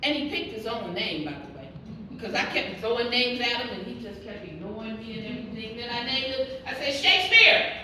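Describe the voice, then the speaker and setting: A woman's voice: a little high, lively intonation, fairly quick, crowd noise. A woman leading a Bible study, telling her own story in testimony style and acting out the voices of the people in it. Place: church hall. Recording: echoey room from a distance, with background noise.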